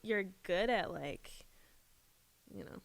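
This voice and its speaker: A young adult woman co-hosting a casual podcast chat, filler-heavy and often trailing off softly at the end of a thought. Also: medium pitch, expressive, slow, vocal fry, slight background noise. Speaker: podcast co-host.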